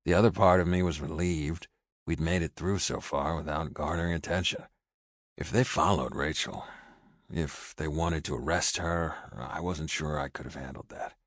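Very deep-voiced male audiobook narrator. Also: fairly even intonation, normal speed, dry recording, clean studio sound. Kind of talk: first-person scripted narration.

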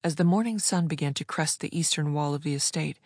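A woman with a low-pitched voice reading a story aloud, smooth and measured in her delivery. The recording is dry and close, with no room sound around her. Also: a little mellow, no room sound. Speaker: audiobook narrator. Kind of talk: scripted narration.

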